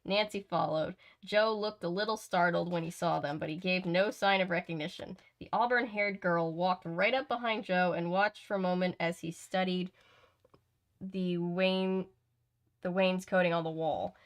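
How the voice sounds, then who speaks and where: A woman's voice: lowish voice, normal speed. A woman reads a novel aloud on her live stream. She breaks off for chatty asides and often stumbles and corrects herself. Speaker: host.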